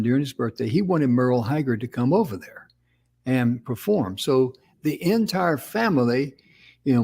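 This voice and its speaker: A man's voice: medium pitch, dark tone. Folksy man telling a rambling story. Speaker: co-host. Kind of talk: casual talk show chat.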